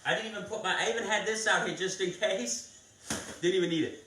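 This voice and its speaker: A man's voice: sits high, fairly quick, sharp tone, slight background noise. A man hosting a live cooking stream, chatting viewers through each step of a recipe in a casual way. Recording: echoey kitchen, mic at a distance.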